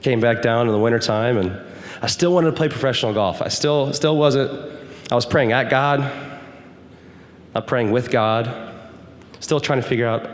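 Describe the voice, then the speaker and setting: A man's voice: mid-range voice, moderate pace. A young man giving an earnest, emphatic testimony sermon to a youth group as a guest speaker. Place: church hall. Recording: hall reverb.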